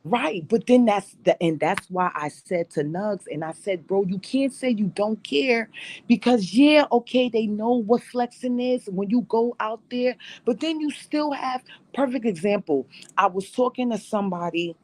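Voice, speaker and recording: A woman's voice: a little high, moderate pace, a little mellow. A woman hosting a podcast in blunt, slangy, casual chat. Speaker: host.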